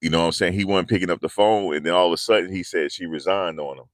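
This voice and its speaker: A man's voice: low voice, fast talker, no echo, clean studio sound. A man hosting a casual commentary video, talking in a loose, slangy, repetitive way. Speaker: commentary channel host.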